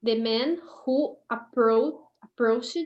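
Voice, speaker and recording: A woman's voice: fairly high pitch, slow, lo-fi sound. A Brazilian woman in her thirties with a Portuguese accent, a Portuguese native speaker, reading aloud hesitantly in an English lesson and sounding out hard words. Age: 30s. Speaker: English student.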